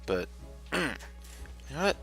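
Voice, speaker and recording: A man's voice: takes it slowly, fairly bright tone, faint music behind. A man narrating his gameplay in a casual, rambling, jokey way, often correcting himself mid-sentence. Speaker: gamer, channel host. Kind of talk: casual let's-play commentary.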